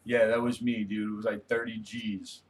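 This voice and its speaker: A man's voice: on the low side, level tone, normal speed, a little hiss or hum. Laid-back man hosting a late-night stream. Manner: laid-back, rambling, reads viewer comments aloud. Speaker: livestream host. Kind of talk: casual late-night livestream chat.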